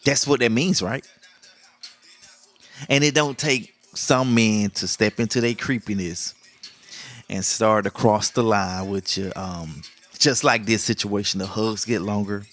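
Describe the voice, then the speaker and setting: Podcast host, man, middle-aged, low voice, joking monologue. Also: measured pace, a bit bright, faint music behind. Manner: joking, laughs often, acts out quoted lines. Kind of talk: casual monologue.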